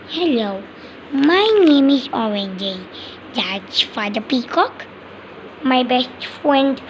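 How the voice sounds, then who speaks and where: A woman's voice: high-pitched, a bit bright, dull audio, a little hiss or hum, heavily acted. A woman voicing a friendly young bird chick in a chirpy way.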